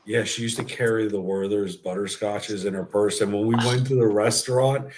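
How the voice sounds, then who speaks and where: A man's voice: fairly low pitch, moderate pace, slight background noise. A man, hosting a casual chat and telling stories with lots of swearing. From New York. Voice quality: profane, animated storyteller. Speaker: podcast host.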